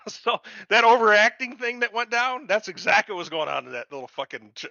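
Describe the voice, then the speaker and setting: A man's voice: high voice, fast talker, creaky, few pauses, no echo, highs cut off. A man co-hosting a podcast in casual chat, swearing and laughing as he rants. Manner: animated, profane, laughs while ranting. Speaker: podcast co-host.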